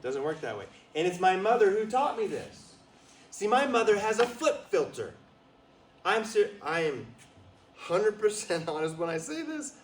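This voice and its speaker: A man giving a lively storytelling talk as a motivational speaker, drawing answers from a small live audience. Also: sits high, moderate pace, roomy sound, far from the mic, slight background noise, rough recording. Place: retreat meeting room with a small audience.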